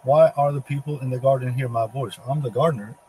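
Man playing defiant Adam, taunting, mid-pitched and plain. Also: steady tone, quick pace, darkish tone, slight background noise, close to an everyday voice, poor audio. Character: defiant first man, Adam, confronting the devil.

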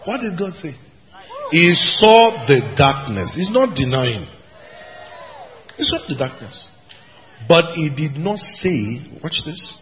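A man preaching a sermon as pastor, emphatic, jumping from shouted lines to low asides. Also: sing-song, slow, pauses often, lo-fi sound, some chatter behind. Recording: hall reverb.

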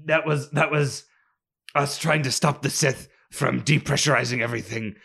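A man's voice: mid-range voice, normal speed, gravelly, a bit bright, slightly rough. A man speaking as his character in a tabletop game, hesitant and full of fillers. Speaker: player.

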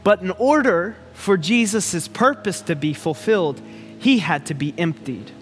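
Male pastor, high-pitched, casual animated sermon delivery, long hall reverb, soft music underneath. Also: measured pace. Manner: animated, conversational preaching with repeated phrases.

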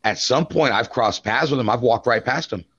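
A man's voice: mid-range voice, normal speed, fairly bright tone, husky, dry recording. A man co-hosting a podcast tells a long story in loose, profane casual chat, calling his friend "bro" again and again. His voice sits in a middle range. The recording is dull and lo-fi, with a dry sound. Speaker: podcast co-host.

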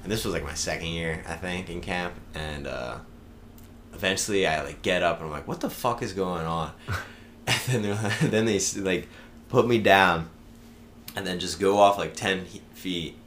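Young man, very deep voice, casual swearing storyteller, podcast guest. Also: moderate pace, a bit bright, a little hiss or hum. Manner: rambling, swears freely, laughs through stories.

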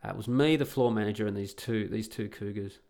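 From his home, an Australian podcast host from Perth spins a casual story, crude and blunt, rambling with frequent restarts. His lowish voice is creaky with a darkish tone, and he moves fairly quickly.

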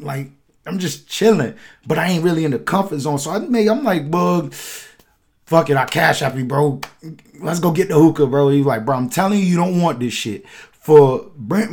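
A man's voice: on the high side, darkish tone. Laid-back man telling a story. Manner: laid-back slangy anecdote with quoted dialogue. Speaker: podcast host. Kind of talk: casual storytelling.

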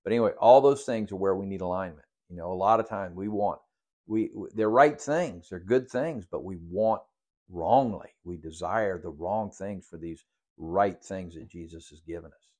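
A man with a very low voice leads a Bible study as a sermon. He works through numbered questions one by one and often restarts his sentences. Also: normal speed, a little mellow. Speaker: pastor leading a Bible study.

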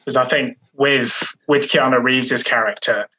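A man's voice: mid-range voice, fairly even intonation, normal speed, a crowd in the background, rough recording. A man co-hosting a casual film podcast, making dry, absurd jokes. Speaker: podcast co-host.

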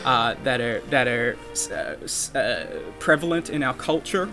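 A man's voice: medium pitch, lively intonation, unhurried, pushed and bright, faint music behind. A man hosting a casual podcast chat, joking and stumbling through fillers and restarts. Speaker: podcast host.

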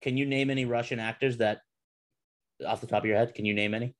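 A young adult man hosting a podcast in casual chat, animated and swearing, laughing between his points. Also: mid-range voice, fast talker. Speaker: podcast host.

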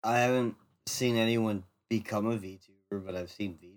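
A man with a low voice speaking quietly and offhandedly in a podcast chat, with some swearing. The sound is dry. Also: fairly even intonation, moderate pace, dry recording. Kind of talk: casual chat.

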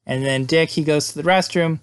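A man's voice: on the high side, fairly even intonation, fairly quick, clear, resonant tone. A man casually recapping a movie scene by scene, rambling with lots of fillers and quoting characters along the way. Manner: rambling, lots of "like" and "uh", laughs often.

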